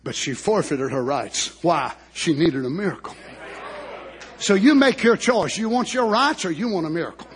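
A man preaching a sermon who moves from slow, hushed storytelling to fervent shouting, repeating words and calling out hallelujah. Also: a little high, animated.

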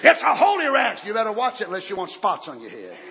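A man preaching a sermon in a church, breaking into shouted outbursts and folksy asides. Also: high voice, huge pitch swings, quick pace, vocal fry, a crowd in the background. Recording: dull lo-fi recording with faint congregation.

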